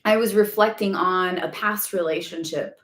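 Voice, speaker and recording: A woman's voice: on the low side, normal speed. Rambly chatty woman doing a live q&a, lots of ums, roomy echo. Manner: chatty and rambling, heavy on fillers. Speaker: spiritual guidance host. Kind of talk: casual live Q&A talk. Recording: echoey room.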